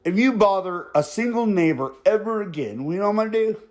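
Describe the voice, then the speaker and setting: Man voicing a stern neighborhood boss, slow menacing delivery, voice dropped a bit lower. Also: expressive. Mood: threatening. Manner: slow, threatening, mixes in Spanish phrases. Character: stern middle-aged male neighborhood boss.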